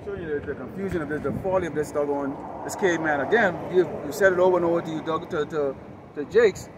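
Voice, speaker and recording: A man's voice: fairly high pitch, fast. A man street preaching outdoors, combative and profane, firing rhetorical questions. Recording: heavy street traffic noise. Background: loud traffic noise.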